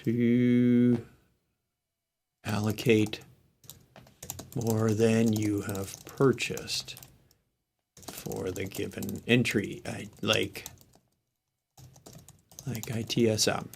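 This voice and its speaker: A man's voice: on the low side, little pitch movement, very slow, gravelly, pauses often, a little hiss or hum. Man thinking aloud during a tech stream. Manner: thinks aloud while typing, muttering asides. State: hiccups. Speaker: live stream host. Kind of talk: casual screen-share tech walkthrough.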